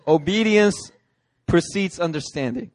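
A man's voice: sits high, unhurried. A man preaching a sermon. He tells a story with lots of energy and acts out the characters with voices he puts on. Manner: animated, acts out movie characters with put-on voices. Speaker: pastor. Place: church hall, dry sound.

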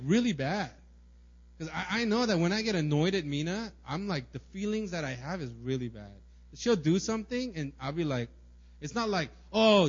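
A pastor preaches a sermon conversationally, often tacking on "right?" and muttering small acted-out everyday quotes as asides. His high voice has a darkish, breathy tone, and the recording's highs are cut off.

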